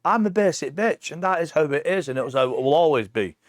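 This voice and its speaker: A man in his forties with an English accent, telling stories in a sweary, animated casual chat as a podcast guest. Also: fairly high pitch, fast, dry recording, clean studio sound. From England. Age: 40s.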